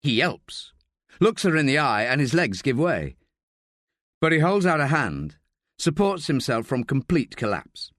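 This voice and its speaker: A man's voice: medium pitch, very animated, measured pace, dry recording, clean studio sound. A man narrating a tense thriller audiobook in a dramatic reading style. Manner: dramatic, voices shouted dialogue.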